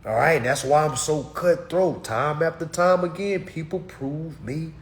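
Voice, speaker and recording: A man, giving a blunt, preachy talk to his course students that swings between loud and muttered. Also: a little high, unhurried, a little hiss or hum. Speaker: course teacher. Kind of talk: blunt motivational rant.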